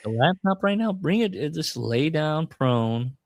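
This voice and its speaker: On a podcast he co-hosts, this man keeps the casual chat comedic, cracking jokes and trying out impressions as his pitch swings lively. He speaks at a measured pace with a creaky voice, recorded without echo.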